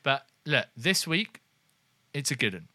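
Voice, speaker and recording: A man's voice: mid-range voice, very animated, unhurried, sharp tone, no room sound. A man co-hosting a comedy podcast with playful, mock-announcer delivery. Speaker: podcast co-host. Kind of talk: casual comedy banter.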